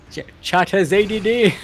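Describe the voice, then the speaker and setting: A man casting a live video game match, excitable and laughing often as he talks. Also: high voice, gravelly, a little hiss or hum. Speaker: esports caster.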